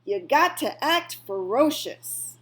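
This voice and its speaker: A woman playing a loud, bossy old country woman. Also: high voice, very animated, takes it slowly, pitched above the performer's own voice, heavily acted. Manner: loud, commanding and gruff.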